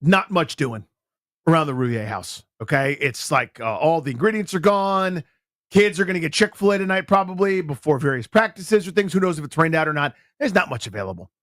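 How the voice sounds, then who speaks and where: A man's voice: a little high, a little fast, no room sound. A male sports radio host telling stories in casual, playful banter into a studio mic. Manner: playful, storytelling, animated.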